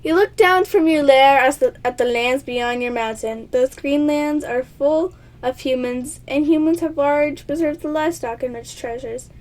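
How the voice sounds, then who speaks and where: A woman's voice: high voice, normal speed, a little mellow. A woman reading a choice-based text game aloud, stumbling over words and giggling through playful asides to her viewers. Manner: stumbles over words, often tongue-tied. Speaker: player of a text adventure game.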